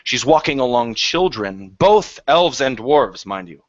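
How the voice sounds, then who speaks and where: A man narrating as game master of a tabletop game, describing scenes in a halting way with fillers. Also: mid-range voice, big pitch swings, no room sound. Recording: dry, dull lo-fi sound.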